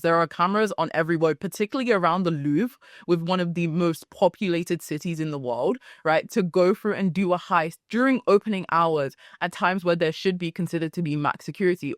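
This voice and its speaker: A young woman hosting a solo podcast, telling stories in a chatty, animated way with frequent asides. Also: lowish voice, dry recording, clean studio sound. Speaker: podcast host. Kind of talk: casual solo podcast chat.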